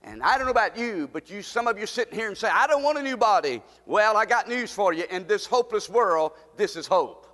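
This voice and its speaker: High-voiced preaching man in a reverberant hall. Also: expressive, brisk, fairly bright tone. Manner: impassioned, repetitive preaching with pleading rises. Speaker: pastor. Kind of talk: sermon.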